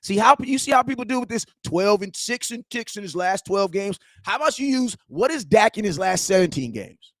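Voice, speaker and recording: This young man's voice is high, bright, and expressive, moving a little fast in a dry, echo-free recording. He's a sports talk show host on a live stream, ranting in slang, circling back over his points and speaking right to his audience.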